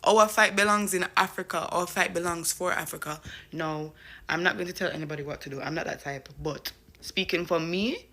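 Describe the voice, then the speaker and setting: A woman from Jamaica giving casual, animated commentary that turns into emphatic declarations. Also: low-pitched, brisk. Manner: animated, emphatic, mixes chat with passionate declarations.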